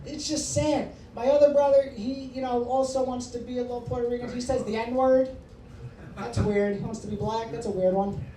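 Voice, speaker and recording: A man's voice: very high-pitched, steady tone, normal speed, mellow. Brash, foul-mouthed male stand-up comic. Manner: brash, profane, teasing the audience. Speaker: stand-up comedian. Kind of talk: stand-up comedy with crowd work. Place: comedy club with a live audience. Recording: echoey room, distant mic, noisy.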